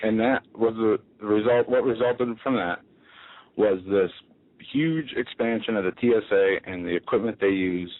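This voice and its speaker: A man's voice: fairly low pitch, normal speed, dry recording. A man co-hosting a talk radio show, speaking assertively in declarative statements and running through lists. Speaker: radio co-host. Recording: tinny phone-line sound.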